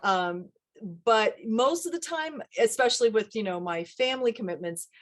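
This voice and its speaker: A middle-aged woman, a dialect coach, talking casually in an interview with lively asides. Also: on the high side. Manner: animated, quick asides, laughs often.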